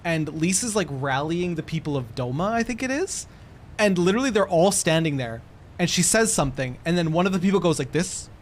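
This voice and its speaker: Animated young man streaming a game. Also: fairly high pitch, fairly quick, slight background noise. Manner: animated, laughs often, swears freely. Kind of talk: casual gameplay commentary.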